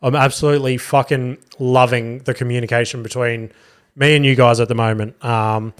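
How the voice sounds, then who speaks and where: A man, a podcast host and comic, signing off in a loose, sweary, rambling way, flat and low on energy. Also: moderate pace, clean tone. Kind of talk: casual podcast sign-off.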